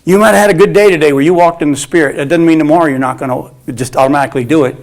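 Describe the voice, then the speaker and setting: A man leads a Bible study in sermon style, his voice pitched on the high side. He talks with animation and slips into the voices of the people he quotes. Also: rapid-fire.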